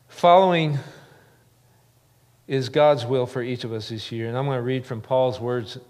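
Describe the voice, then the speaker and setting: A man's voice: medium pitch, a little mellow. A middle-aged man preaching a sermon as a pastor, earnest, building emphasis with repeated phrases. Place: church sanctuary. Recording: long reverb of a large church hall.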